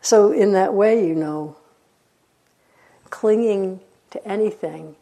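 A woman meditation teacher giving a dharma talk, telling stories in a conversational way with frequent laughter. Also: on the low side. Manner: warm conversational storytelling, laughs often.

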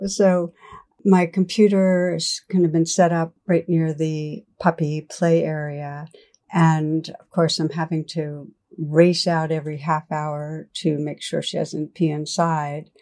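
A middle-aged woman gives a dharma talk in a gentle, reflective and personal way. Her voice is low and mellow, and she speaks slowly and unhurriedly. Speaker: meditation teacher.

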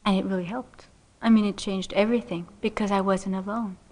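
A middle-aged woman meditation teacher telling a personal story in a dharma talk, unhurried and gentle, laughing softly often. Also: medium pitch, steady tone. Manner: unhurried, gentle, frequent soft laughs and "you know".

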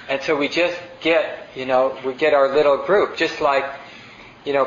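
A man's voice: mid-range voice, a bit bright, slight background noise. A male meditation teacher giving a conversational dharma talk. He reads passages aloud and asks the audience questions. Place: meditation center hall. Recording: roomy, dull lo-fi sound.

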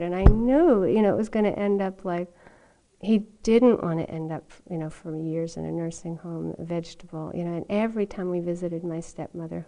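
Middle-aged woman teaching meditation; warm, relaxed voice, chatty storytelling with soft laughs. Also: fairly low pitch. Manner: conversational storytelling with frequent "you know" and soft laughs. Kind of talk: dharma talk. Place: meditation retreat hall.

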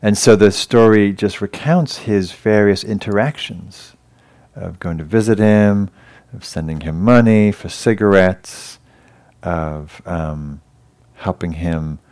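A man with an English accent giving a dharma talk as a meditation teacher, gentle and halting, pausing and restarting as he tells a story. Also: lowish voice. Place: meditation hall class.

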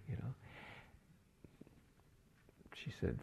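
A middle-aged man giving a relaxed dharma talk as a meditation teacher, telling stories and acting out the people in them. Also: medium pitch, a little slow, phone-quality sound. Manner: relaxed storytelling with quoted voices. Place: retreat hall.

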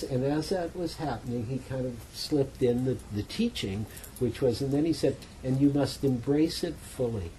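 A man, a meditation teacher, giving a dharma talk in a meditation center hall, telling a story in a relaxed, chatty, self-mocking way. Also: mid-range voice, slight background noise. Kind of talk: dharma talk to a retreat audience.

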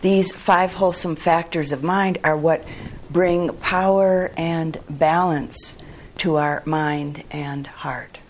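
A woman meditation teacher giving a dharma talk, speaking in a measured, reflective way with pauses. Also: low voice, slight background noise.

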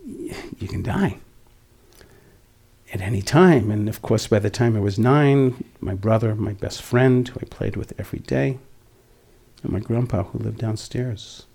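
Gravelly, mellow older man teaching meditation. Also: on the low side, unhurried. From Boston area, USA. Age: 60s. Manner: gentle and reflective, voice dropping to near whispers. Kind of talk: dharma talk.

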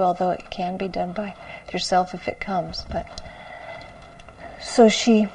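Meditation teacher, woman, unhurried dharma talk, slightly husky and hushed. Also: medium pitch, rough recording. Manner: slow, soft-spoken storytelling, often dropping to a whisper when quoting.

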